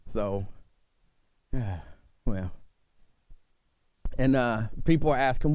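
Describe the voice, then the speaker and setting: A man's voice: mid-range voice, sing-song, slow pace, long pauses, a little mellow, no room sound. A man hosting a call-in talk radio show, chatting loosely and repeatedly breaking into laughter at a studio microphone.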